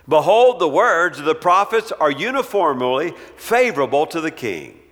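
Bir vaiz, ısrarcı ve ikna etmeye çalışan bir saray habercisini canlandıran bir adam. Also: male voice, fairly high pitch, sing-song, moderate pace, fairly bright tone, long reverb tail. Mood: pressing. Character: pushy royal messenger, grown man.

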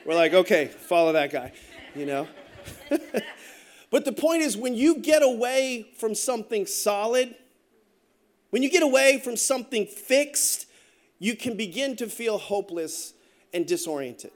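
High-voiced man preaching a jokey sermon. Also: measured pace. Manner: joking storytelling asides, animated delivery. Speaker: pastor.

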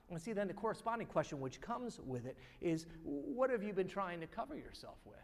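A man's voice: sits high, sing-song, fairly quick, hardly any pauses. A middle-aged man preaching a sermon, telling stories and building to repeated rhetorical questions. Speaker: pastor. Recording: long reverb of a large hall.

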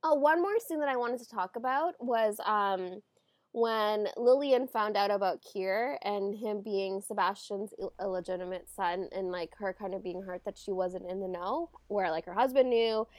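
A woman co-hosting a podcast, chatting casually about books in a relaxed way with many fillers. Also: mid-range voice, moderate pace, dry recording. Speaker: podcast co-host. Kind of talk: casual book chat.

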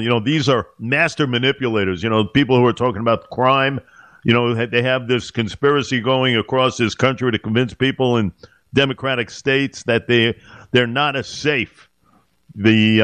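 A man's voice: medium pitch, a bit bright, smooth, dry recording. A man hosting a radio talk show, talking in a hesitant, filler-heavy, teasing way.

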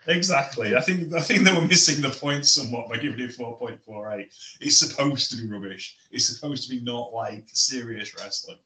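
A man's voice: mid-range voice, brisk, hardly any pauses, pushed and bright. A man co-hosting a casual wrestling chat, talkative, laughing often and stumbling over his words. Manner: chatty, laughs often, stammers. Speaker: podcast co-host. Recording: echoey room.

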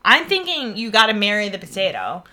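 A woman's voice: mid-range voice, big pitch swings, brisk, pushed and bright. A woman co-hosting a casual podcast, playful and teasing, often laughing as she argues her point. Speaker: podcast co-host. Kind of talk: casual chat.

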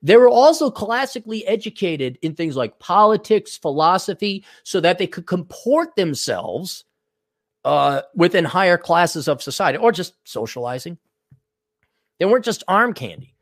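A man's voice: sits high, expressive, moderate pace, no echo, studio quality. Crude, ranting man on a livestream. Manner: crude, ranting, mimics voices in quotes. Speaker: show host reading superchats. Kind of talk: rambling livestream monologue.

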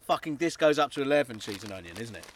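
A man's voice: mid-range voice, fast, slight background noise. A man co-hosting a comedy podcast, bantering playfully outdoors in a forest. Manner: playful, lively, swearing. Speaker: podcast co-host.

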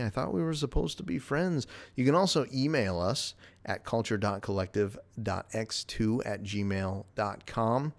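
A man's voice: medium pitch, vocal fry, darkish tone. A man hosting his own podcast alone, rambling casually with wry, self-deprecating asides. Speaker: podcast host. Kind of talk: casual solo podcast monologue.

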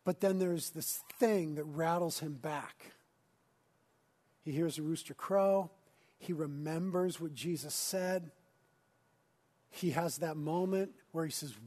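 An earnest pastor, a man whose voice is fairly high for a male, preaches unhurriedly with long pauses. He shifts between urgent, pressing emphasis and hushed, whispered intimacy.

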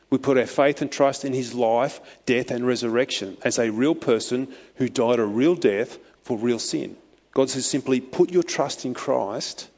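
A man's voice: mid-range voice, darkish tone. A man preaching a sermon as pastor, earnest and emphatic, his voice lifting on key phrases. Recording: muffled, long hall reverb.

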